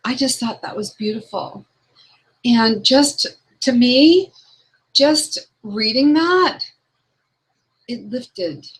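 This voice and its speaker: A woman's voice: on the high side, poor audio. A woman hosting an online talk show as a law of attraction trainer, speaking in an earnest, heartfelt way and reading quotes aloud. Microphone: webcam video call setup.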